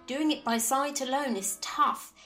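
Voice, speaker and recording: A man's voice: very high voice, measured pace, music in the background, pitched above the performer's own voice, rough recording. A man voicing a kindly, gossipy old female centaur shopkeeper in a tabletop game. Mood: chatty. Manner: gossipy, salesy. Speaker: game master.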